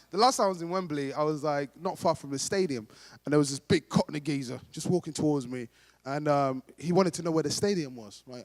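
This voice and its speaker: A man performing stand-up comedy at a charity dinner, telling playful stories and laughing along. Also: a little high. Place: large dinner hall. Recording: long hall reverb.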